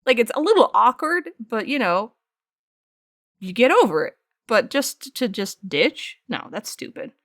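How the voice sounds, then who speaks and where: A woman in her thirties streams while painting, chatting casually and telling animated stories in which she acts out people's lines and laughs often. Her voice is fairly high and a little slow, recorded clean in a studio with no room sound.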